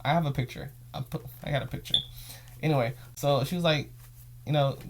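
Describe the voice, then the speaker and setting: A man's voice: on the high side, animated, very fast, a little mellow, slight background noise. A young man hosting his own show, telling an emotional story in a rambling, repetitive way. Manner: rambling, emotional, repeats phrases. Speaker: podcast host. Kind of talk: casual storytelling vlog.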